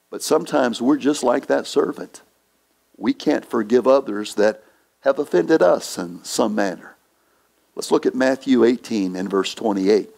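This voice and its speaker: Slow, emphatic male pastor preaching. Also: mid-range voice, vocal fry, darkish tone. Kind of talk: sermon. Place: church.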